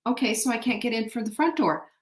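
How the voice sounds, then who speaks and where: A woman's voice: on the high side, lively intonation, fast, close to an everyday voice. A woman voicing a tricky big bad male wolf in a storybook tale, recorded in an echoey room. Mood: threatening.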